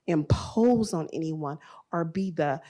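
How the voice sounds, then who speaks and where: Woman host, lowish voice, empathetic and conversational, lots of ums. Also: slow pace, dark tone. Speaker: podcast host. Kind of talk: conversational interview.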